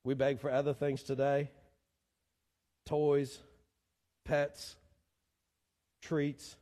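A pastor, preaching a sermon in animated style with pleading repetitions. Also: male voice, mid-range voice, very slow. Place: church sanctuary. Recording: long church hall reverb.

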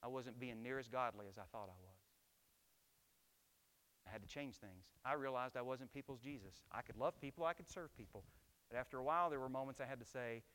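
Middle-aged pastor guy preaching, bright forceful voice, keeps asking the church questions. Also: mid-range voice, expressive, quick pace. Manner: emphatic preaching with rhetorical questions to the congregation. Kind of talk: sermon.

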